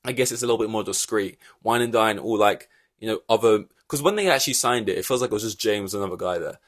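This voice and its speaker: A man hosting a casual podcast, rambling in animated reaction chat with loose swearing and lots of fillers. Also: fairly low pitch, fast, no room sound. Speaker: podcast host.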